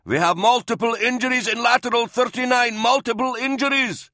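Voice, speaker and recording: A shaken army captain in an audiobook, his voice pushed far above his usual register and strained with urgency, as a low-voiced man puts him on. His barked orders carry a harsh edge, recorded close and completely dry. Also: brisk, bright, forceful tone, no echo, exaggerated voice. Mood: urgent shouting. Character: male army captain, shocked, shouting orders. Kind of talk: audiobook character voice.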